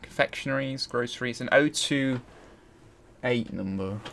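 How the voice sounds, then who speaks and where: A man's voice: lowish voice, moderate pace, creaky, fairly bright tone, slight background noise. A man hosting a let's play, thinking aloud and grumbling as he searches. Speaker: gaming channel host.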